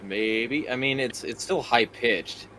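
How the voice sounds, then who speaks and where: Man, bright tense voice, stammering, joking, casual podcast. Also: medium pitch, slow, a little hiss or hum, poor audio. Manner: stammering, repeats words.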